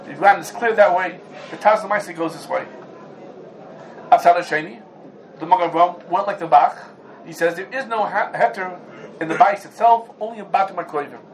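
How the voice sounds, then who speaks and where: Male Torah teacher, high pitch, animated lecture with rhetorical questions, faint room hiss. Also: a little fast, rough recording. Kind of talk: Talmudic lecture.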